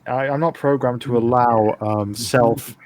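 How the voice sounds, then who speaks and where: A calm, clinical android medic speaks in a polite, measured way, voiced by a man. His mid-range voice stays even and matter-of-fact, even when offering sedation. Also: medium pitch, lightly acted.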